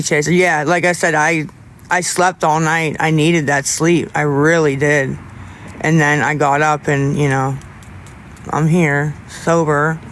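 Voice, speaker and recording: A young man livestreaming, chatting casually with viewers in a rambling, halting way with many restarts. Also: fairly high pitch, a bit bright, slight background noise.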